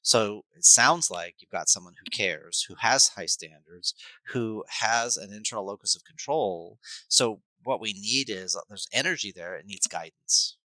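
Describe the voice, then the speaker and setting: A man, a life coach and hypnotherapist, explaining his ideas in an animated, coaching way as a podcast guest. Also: fairly low pitch, a little slow, no room sound, poor audio. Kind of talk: podcast conversation.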